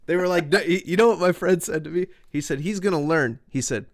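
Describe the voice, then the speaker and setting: A man in his twenties, a musician guest, telling stories in a casual, profane, animated way with bursts of laughter. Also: on the high side, moderate pace. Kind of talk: casual storytelling.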